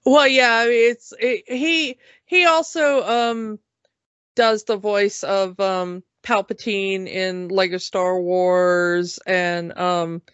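Slow halting woman, lo-fi sound. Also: mid-range voice, steady tone, fairly bright tone, smooth, no room sound. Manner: slow and halting, many fillers. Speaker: podcast co-host. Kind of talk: casual chat.

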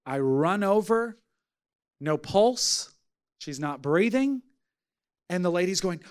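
A man preaching a sermon as pastor, telling a story with lively acted-out voices. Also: high-pitched, slow, long pauses, clear, resonant tone. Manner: animated storytelling, acting out voices.

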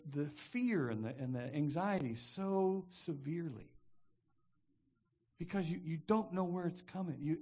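A man preaching a sermon in an animated way, often repeating words as he restarts a thought. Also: on the high side, husky.

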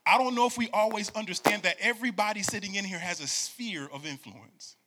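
A man in his forties preaching a conversational sermon as pastor, animated and repetitive, sliding into sing-song phrases and calling for responses from the congregation. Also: high voice, a little fast. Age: 40s.

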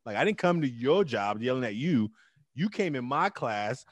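A middle-aged man telling his story as an interview guest, emphatic and animated with loud bursts. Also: medium pitch, moderate pace, no room sound. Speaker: interview guest, teacher and club founder.

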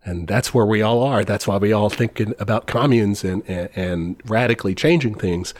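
A man's voice: fairly low pitch, normal speed, darkish tone, no room sound. A man co-hosting a podcast, talking earnestly and rambling with many restarts. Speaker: podcast co-host. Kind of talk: casual political chat.

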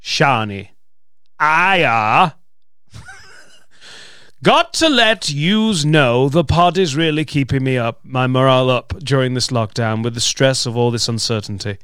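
A man's voice: mid-range voice, animated, unhurried, a bit bright, smooth, no room sound, studio quality. A man reading as a chatty Scouse woman. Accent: Scouse, put on. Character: woman listener's letter read in a Scouse voice.

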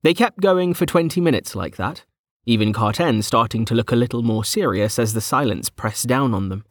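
Brief: male audiobook narrator, steady measured storytelling, dry close-mic recording. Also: mid-range voice, dry recording. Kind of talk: scripted narration.

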